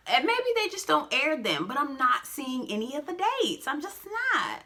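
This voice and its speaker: A woman giving a casual, sassy recap of a reality show, with expressive asides and big swings in pitch. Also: moderate pace, hardly any pauses.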